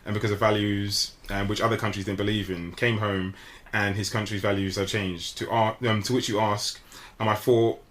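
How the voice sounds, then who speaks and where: A man's voice: on the low side, flat delivery, normal speed, a bit bright. A man co-hosting a casual podcast discussion, talking earnestly about a book with a little teasing. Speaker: podcast co-host.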